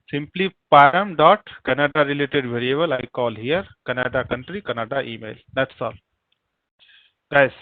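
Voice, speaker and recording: A man teaches a live coding class, walking through each step aloud and spelling names out letter by letter. His voice comes through a narrow, phone-like line with a dry, close sound and no room echo. He keeps pushing his students to answer him quickly. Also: mid-range voice. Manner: repetitive, spells words out letter by letter, keeps urging the class to respond. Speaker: programming instructor.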